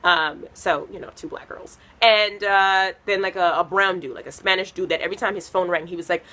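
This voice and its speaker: A woman from a Haitian American family in the United States performs a stand-up set in a lowish, sharp voice, talking a little fast with few pauses. Her chatty stories ramble and are full of fillers.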